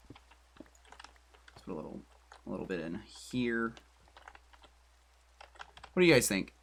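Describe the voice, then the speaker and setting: A man's voice: lowish voice, big pitch swings, slow, gravelly, fairly bright tone, slight background noise. A man streaming a building game, talking casually to his viewers in a rambling, self-deprecating way. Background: keyboard typing and clicks.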